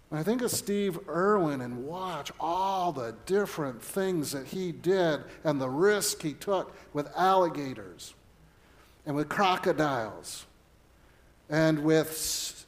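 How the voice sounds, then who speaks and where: Middle-aged male pastor with a high voice, earnest sermon delivery with stories. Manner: earnest preaching mixed with personal storytelling.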